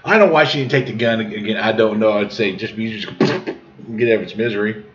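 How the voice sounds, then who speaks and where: A man's voice: lowish voice, quick pace. A man, rambling through a folksy tall tale and chuckling on tangents. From southern Missouri. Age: 40s. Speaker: storyteller. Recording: dull lo-fi recording.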